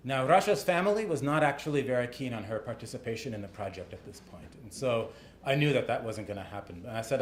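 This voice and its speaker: A man's voice: medium pitch, fast talker, slight background noise. A man, an author, telling a story in a casual, chatty way, full of fillers and tag questions. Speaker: author speaking at a talk. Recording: echoey room with faint ambience.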